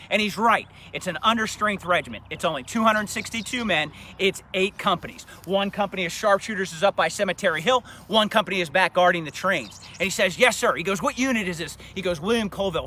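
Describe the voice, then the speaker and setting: A middle-aged man leads a live talk outdoors on a battlefield, his voice pitched high and bright with an edge. He tells the events as a dramatic story and tosses in rhetorical questions. He sounds like a historian guiding a tour.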